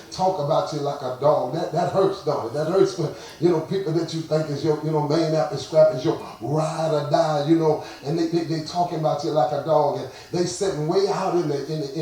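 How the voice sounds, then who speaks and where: A man preaching a sermon, telling a story with lots of repeated words and building to louder fervor. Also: a little high. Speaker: pastor. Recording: echoey church sound from far off.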